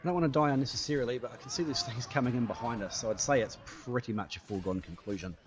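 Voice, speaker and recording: A male gaming YouTuber offers casual live commentary over his own play, playful and chatty, with sound effects and running remarks. His voice is medium-pitched and he talks rapid-fire.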